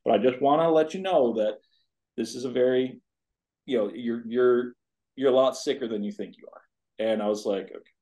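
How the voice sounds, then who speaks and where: A man's voice: medium pitch, normal speed, mellow. A man in his fifties, a college tennis coach, telling a personal story in a podcast interview with an earnest, rambling manner full of asides. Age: 50s.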